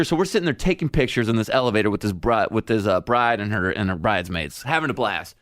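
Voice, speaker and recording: A man's voice: on the low side, quick pace, hardly any pauses, no echo. A man hosting a casual podcast, telling a story with lots of animation and acting out what other people said. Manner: animated storyteller, acts out quoted voices. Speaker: podcast host.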